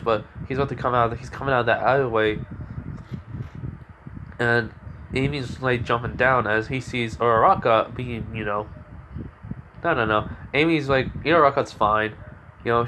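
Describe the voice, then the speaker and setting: Young male fan storyteller, improvised and rambling, average pitch, light background hiss. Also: fairly bright tone. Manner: rambling, many fillers and self-corrections. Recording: faint background noise.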